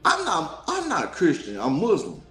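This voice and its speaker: A man from Dallas, a talk show guest telling a story in an animated, preachy way. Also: on the high side, moderate pace, reverberant, faint music behind. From Dallas, Texas. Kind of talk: casual storytelling.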